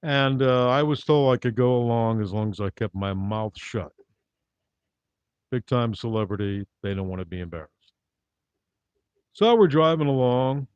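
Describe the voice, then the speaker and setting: A man doing live-streamed stand-up comedy, delivering wry, rambling one-liners in a deadpan manner. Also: mid-range voice, no room sound. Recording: dull dry lo-fi recording.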